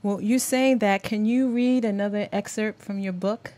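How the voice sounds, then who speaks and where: A woman's voice: mid-range voice, steady tone, moderate pace, mellow. A woman hosting an interview, reacting with emotion and enthusiasm to her guest. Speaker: podcast host.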